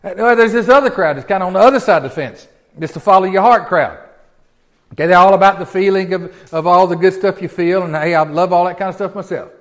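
A man preaching a sermon in a conversational way, often checking in with his listeners and swinging between emphatic and quiet delivery. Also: high voice, fast talker. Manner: conversational preaching with frequent check-ins and restarts; emphatic, dynamic swings in loudness. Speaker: pastor.

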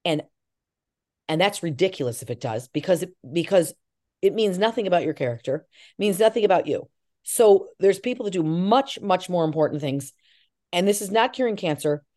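A middle-aged woman with a low-set voice, chatting in an interview. Her pitch swings widely as she tells stories and slips into quoted voices. She talks with warmth and energy about her work. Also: moderate pace. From Irish Catholic family. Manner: animated storyteller, acts out quoted voices. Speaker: actress and filmmaker. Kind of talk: interview chat.

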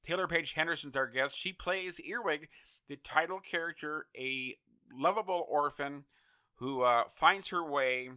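Male host, very bright and forceful tone, casual rambling interview style. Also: fairly high pitch, measured pace, clean tone. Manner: rambling, repeats words while thinking.

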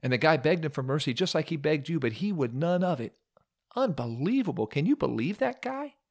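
Preacher as incredulous gossiping servants, chatty and quick. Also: male voice, a little high, big pitch swings, darkish tone, voice pushed up.

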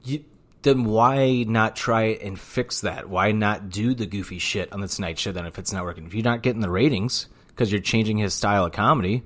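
A man with a low voice co-hosts a casual podcast. He talks bluntly, teases his co-host and slides into ranting. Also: normal speed, a bit bright. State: out of breath. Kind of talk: casual chat.

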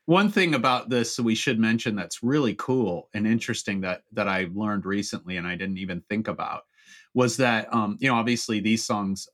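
A man's voice: lowish voice, fairly bright tone. A man co-hosting a podcast, chatting casually about music with many fillers and restarts. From Southern California. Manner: rambling, full of fillers and restarts. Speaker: podcast co-host.

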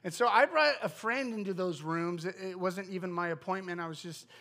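A man's voice: high voice, brisk, bright, forceful tone. A middle-aged man giving an informal sermon in an earnest, conversational way, with frequent fillers and restarts. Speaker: preacher.

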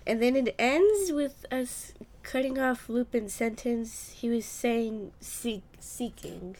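Slow-talking high-voiced woman. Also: a little mellow. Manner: giggly, drawn-out delivery. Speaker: podcast co-host. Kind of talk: casual chat.

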